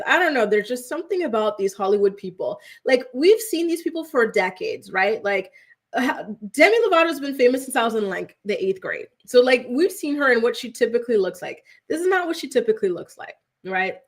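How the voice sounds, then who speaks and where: Woman, 30s, gossip show host, slightly high voice, chatty, animated, mock-quotes people. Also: fairly quick. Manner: chatty, animated, keeps asking the viewers "right?"; jumps into high-pitched mock voices when quoting people. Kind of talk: casual gossip commentary.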